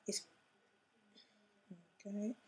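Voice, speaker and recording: A woman's voice: very slow, warm tone. A woman chatting casually as she demonstrates a craft project step by step, joking at her own expense as she works. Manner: chatty, self-mocking, talks while working with hands. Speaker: craft tutorial host.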